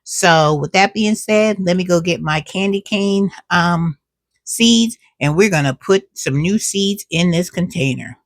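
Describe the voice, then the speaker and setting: A woman's voice: fairly low pitch, unhurried, hardly any pauses. A woman chatting casually to camera at home as a cooking and gardening vlogger, drawing out her words and calling viewers "child" and "y'all".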